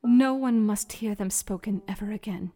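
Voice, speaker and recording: An actress playing an earnest, devoted young Victorian wife in a dramatized reading of a classic novel, speaking in a soft, formal way. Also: female voice, medium pitch, normal speed, lightly acted. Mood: tender.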